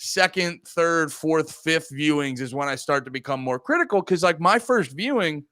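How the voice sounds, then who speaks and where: A young man co-hosting a podcast, chatting casually and excitedly about films, swearing freely. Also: on the high side, moderate pace, no room sound. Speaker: podcast co-host. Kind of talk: casual film chat.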